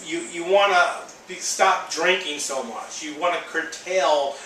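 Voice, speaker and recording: A man's voice: on the high side, unhurried, pushed and bright, recorded from a distance, slight background noise. Candid man in an echoey room. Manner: rambling, emotional, candid, frequent restarts. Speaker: vlogger. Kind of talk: casual personal video diary.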